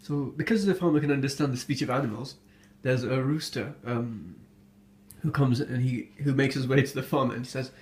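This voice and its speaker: A man casually retells an old folk tale, stumbling and restarting as he goes. He sounds amused by his own story and often pauses on fillers, with a plain, mid-pitched voice. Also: a little mellow.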